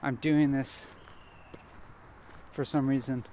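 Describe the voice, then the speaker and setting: A man vlogging as he walks a nature trail, thinking aloud in a halting, hesitant way and repeating words. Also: mid-range voice, level tone, warm tone. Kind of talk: rambling self-reflective monologue while walking. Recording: faint outdoor noise.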